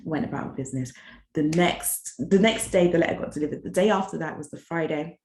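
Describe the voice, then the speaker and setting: Lively woman in a roomy echo. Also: a little fast. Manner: animated, acts out quoted dialogue with big pitch jumps. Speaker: bookkeeper telling a client story. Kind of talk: casual storytelling to camera.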